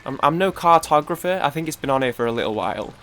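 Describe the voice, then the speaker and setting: A man's voice: fairly high pitch, expressive, fast talker, fairly bright tone, faint music behind. A young man with a Manchester accent, rambling casually while playing a game, interrupting himself and swearing. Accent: Manchester English. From Manchester, England. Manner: rambling, self-interrupting, swears, trails off mid-story. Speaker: gaming YouTuber.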